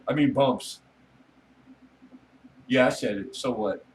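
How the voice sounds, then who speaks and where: A man's voice: mid-range voice, takes it slowly, a little hiss or hum. Man, livestream host, casual and crude, mid-range voice, slightly distant mic. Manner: rambling, joking, laughs often, swears casually. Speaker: livestream host chatting with viewers. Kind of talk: casual late-night livestream chat.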